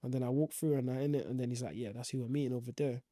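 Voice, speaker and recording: A young man, a professional footballer appearing as a guest, tells the story of his football career in slangy, rambling talk full of fillers. His medium-pitched, mellow voice moves rapid-fire with fairly even intonation, recorded in studio quality with no room sound.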